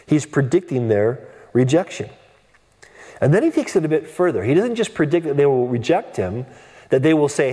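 In a big, echoing church hall, a pastor gives an expository sermon in a mellow, sing-song voice pitched a little high for a man. At a moderate pace he speaks earnestly, frequently restarts sentences, and hammers home points with emphatic questions.

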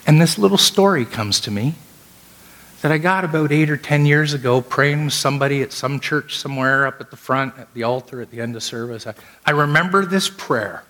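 A man preaching a sermon in a middle pitch and telling a story to his listeners. He is lively and acts out the voices of the people in his story. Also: a little fast. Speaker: pastor.

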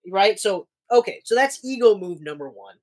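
A man's voice: high-pitched, lively intonation, normal speed. A man co-hosting a casual podcast chat, telling stories animatedly, acting out quotes and swearing freely. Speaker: podcast co-host.

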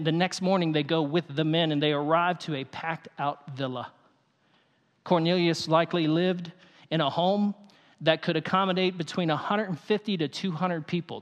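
High-voiced preacher in a reverberant hall. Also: male voice. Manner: animated storytelling, quick asides. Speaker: pastor. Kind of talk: sermon.

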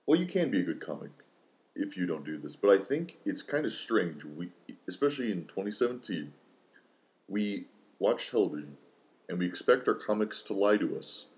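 A man's voice: low voice, very animated, moderate pace. A man co-hosting a podcast in casual discussion, blunt and wry. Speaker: podcast co-host.

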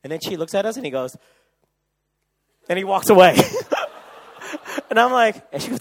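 Animated man telling a sermon story. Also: high voice, moderate pace, pauses often. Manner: animated storyteller, acts out voices, laughs often. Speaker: camp speaker.

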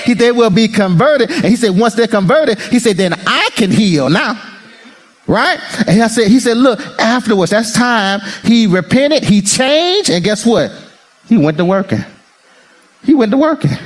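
A male pastor preaching a sermon in call-and-response style, acting out prayers and quotes, moving between excited bursts and low murmured prayer. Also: moderate pace.

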